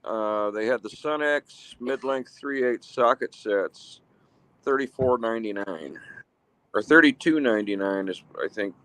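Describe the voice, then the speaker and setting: A man in casual chat talking about deals in a laid-back way, with pauses and fillers. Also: medium pitch, lively intonation, a bit bright, rough recording.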